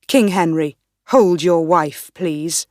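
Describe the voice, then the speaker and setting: A woman's voice: lowish voice, takes it slowly, darkish tone, dry recording, studio quality. A woman voicing an angry nobleman who gives curt, harsh orders in a story reading. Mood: cold anger. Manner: curt, commanding.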